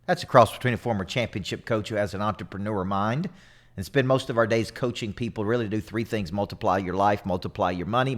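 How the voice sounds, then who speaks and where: Man, 40s, motivational coach; energetic, emphatic delivery with repetitions, mid-range voice. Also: mid-range voice. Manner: energetic, emphatic, repeats himself. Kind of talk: motivational talk to camera.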